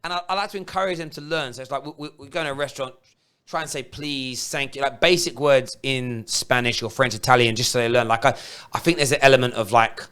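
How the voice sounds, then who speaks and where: A man, hosting a casual football watchalong with animated, laughing banter. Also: medium pitch, quick pace, clean tone. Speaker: host of a football fan show. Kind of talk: casual live match watchalong chat.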